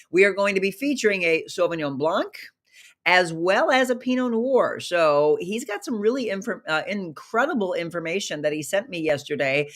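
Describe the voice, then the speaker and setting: Chatty and upbeat, a middle-aged woman with a medium-pitched voice runs a live online talk show, welcoming viewers by name and reading out their comments. A recent virus has left her sounding slightly hoarse.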